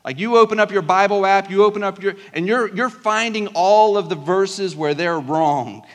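A man's voice: sits high, normal speed. A pastor from South Georgia with a Southern accent, preaching a conversational sermon to his congregation. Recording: long hall reverb.

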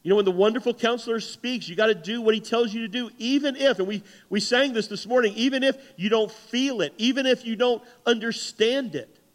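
A man preaching a sermon as pastor, animated and conversational, acting out the voices in the stories he tells. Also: extremely high pitch, fairly quick. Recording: long hall reverb.

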